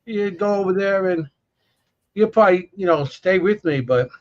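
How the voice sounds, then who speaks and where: A middle-aged man co-hosting a casual chat, talking in halting, rambling bursts with many restarts. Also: high voice. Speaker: co-host. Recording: muffled lo-fi audio.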